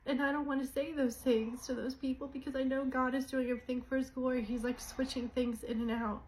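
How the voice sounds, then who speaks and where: A woman with a high voice talks to viewers in a loose, rambling way, often apologizing and sounding emotional. There is a faint hiss of noise behind her. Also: flat delivery, a little fast, hardly any pauses, darkish tone, poor audio. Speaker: co-host of a religious channel. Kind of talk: casual emotional talk to viewers.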